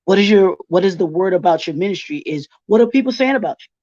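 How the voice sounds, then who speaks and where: A man's voice: high-pitched, lively intonation, fast talker, darkish tone, dry recording. A man from Baltimore giving a workshop presentation, asking rhetorical questions and restating each point. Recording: dull, dry lo-fi recording.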